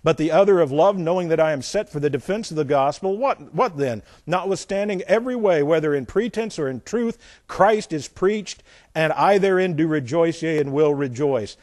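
Male pastor, slightly high voice, sermon with folksy asides, dry close sound. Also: animated, fairly quick, hardly any pauses, no room sound. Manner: reads scripture aloud, then explains it with folksy asides; dramatic swings between loud emphasis and quiet asides.

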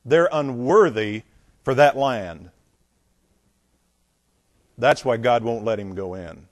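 A male Bible teacher in sermon mode, with a plain mid-range voice. He is animated and digressive, shifting between quick and slow stretches. He keeps turning to his listeners with questions. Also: medium pitch.

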